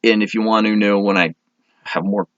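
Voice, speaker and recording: A man's voice: on the low side, fairly even intonation, moderate pace, lo-fi sound, a little hiss or hum. A man from Minnesota chatting casually to camera in his vlog, rambling, correcting himself and getting enthusiastic. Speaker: vlogger.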